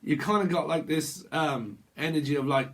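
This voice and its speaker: A man's voice: fairly high pitch, a bit bright. Rambling man reading tarot. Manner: rambling, playful word association; acts out customers in quick silly voices. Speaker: tarot reader. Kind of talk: casual tarot reading monologue.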